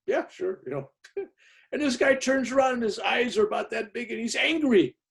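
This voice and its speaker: A man's voice: extremely high pitch, lively intonation, moderate pace. An older man, a reverend, telling a story in casual talk over a video call, his voice rising and dropping with the tale.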